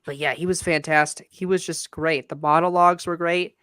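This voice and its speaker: A man co-hosting a casual movie review chat, relaxed and conversational, asking his co-host questions. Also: a little high, fairly quick, smooth, no room sound, studio quality. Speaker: podcast co-host.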